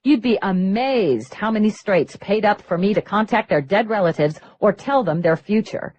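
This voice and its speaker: Brash young ex-grifter read by a woman: high, bouncy, lively, quick. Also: no room sound, lo-fi sound, close to an everyday voice. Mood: brash, upbeat. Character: bubbly young female ex-grifter performer, brash.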